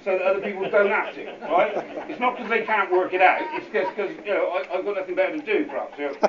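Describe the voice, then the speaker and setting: A man's voice: high-pitched, fast, crowd noise. Rambling man speaking in an echoey hall. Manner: rambling and repetitive, with many asides. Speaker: guest speaker at a public meeting. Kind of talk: informal unscripted talk. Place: meeting hall with an audience. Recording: echoey, distant, dull hall recording with faint hiss.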